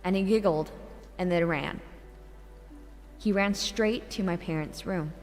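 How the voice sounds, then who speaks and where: A woman's voice: fairly low pitch, measured pace, big-room sound, soft background music. Young woman telling a ghost story. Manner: animated, swears, breaks into laughter. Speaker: VTuber streamer. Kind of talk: casual storytelling.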